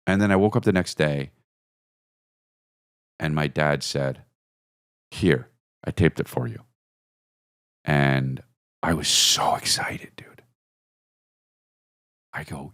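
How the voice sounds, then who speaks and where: A podcast host in his forties tells a casual, comedic story about his kids, swearing a lot and breaking into sudden high-pitched bursts. He talks a little slowly with long pauses, and the sound is clean studio audio with no room sound.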